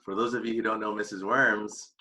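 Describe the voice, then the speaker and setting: Bright, teasing male host. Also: fairly low pitch, steady tone, a little fast. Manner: playful, teasing. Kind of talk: casual rapid-fire question chat.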